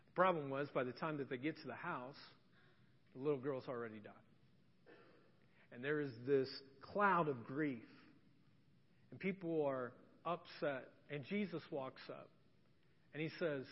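A man's voice: mid-range voice, unhurried, pauses often. A male pastor preaching a sermon in a church, telling stories animatedly and acting out scenes. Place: church sanctuary. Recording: dull recording with long church reverb.

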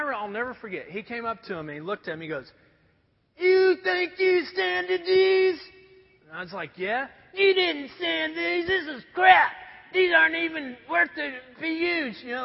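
A pastor, a man, preaching with a strikingly high, animated voice that swings widely in pitch. His tone is husky and slightly breathy. The sound is dull and carries a long hall echo, as if picked up from a distance. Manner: animated storytelling, acts out a shouting boss. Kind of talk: sermon. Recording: dull echoey hall from far off.

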